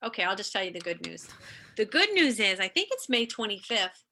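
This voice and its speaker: Excitable chatty middle-aged mom. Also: female voice, medium pitch, a little fast, slight background noise. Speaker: guest, host's mother. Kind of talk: casual chat.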